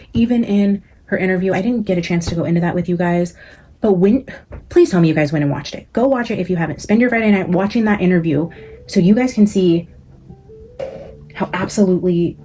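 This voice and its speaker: A woman's voice: fairly low pitch, dark tone, a little hiss or hum. A woman hosting her psychic channel, venting to her viewers in casual, profane commentary, full of "like" and "guys". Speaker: psychic vlogger, channel host.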